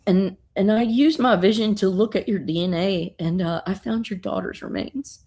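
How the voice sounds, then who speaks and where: A woman voicing an earnest young superheroine who is polite and helpful, and who also turns goading and loud. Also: mid-range voice, moderate pace, natural voice.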